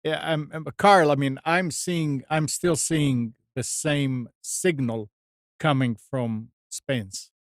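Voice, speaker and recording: Slow, halting man hosting a tech show. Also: a little high, fairly even intonation, dry recording, clean studio sound. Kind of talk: casual chat on a tech talk show.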